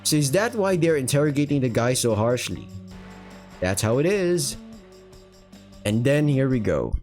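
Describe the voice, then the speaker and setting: A young manga reviewer reads a manga aloud in casual read-along commentary, rambling through the panels with plenty of "uh"s and offhand swearing. His mid-range voice is sing-song, measured in pace, and a little mellow, recorded in a room at home with faint guitar music behind him.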